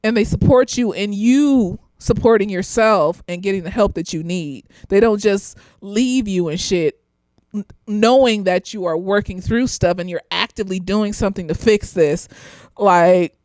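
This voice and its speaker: A young woman, slightly tipsy, casually reviews a TV series from a therapist's angle at normal speed. She laughs often, swears freely and breaks into high, excited squeals, with no room sound in the recording.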